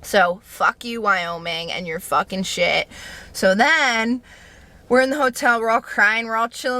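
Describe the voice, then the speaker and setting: A young woman tells a personal story to her camera in a loose, conversational way. Her voice is bright and forceful. She is animated and profane, and she acts out quoted lines as she goes. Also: fairly high pitch, a little slow. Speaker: vlogger telling a personal story. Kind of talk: casual storytime monologue.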